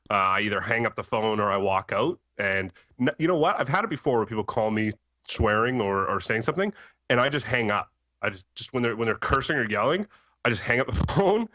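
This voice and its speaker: A man's voice: medium pitch, sharp tone, dry recording, studio quality. A man who has owned two businesses, talking in a firm, matter-of-fact way on a casual podcast. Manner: firm, matter-of-fact, plays out phone calls. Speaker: business owner, podcast co-host.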